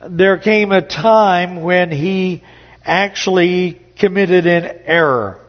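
Unhurried high-voiced man in reverberant hall. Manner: unhurried storytelling with frequent "uh" pauses. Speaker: speaker at a morning church gathering. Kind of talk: sermon-style talk. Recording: dull lo-fi audio with long hall reverb.

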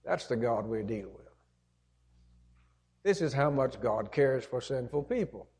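A man's voice: medium pitch, expressive, measured pace, a little mellow. A man preaching a sermon, retelling a parable in an earnest, emphatic storytelling manner.

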